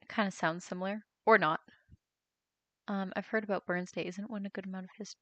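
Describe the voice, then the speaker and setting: A woman's voice: mid-range voice, fairly bright tone, dry recording. Young adult female streamer, casual chatter, dry close sound. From United States. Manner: chatty, reads chat aloud and reacts with laughs. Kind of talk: casual live-stream chat.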